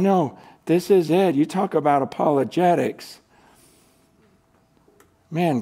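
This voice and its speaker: A middle-aged man preaching a sermon as a pastor, impassioned, swinging from shouting to quiet prayer. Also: mid-range voice. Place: church hall.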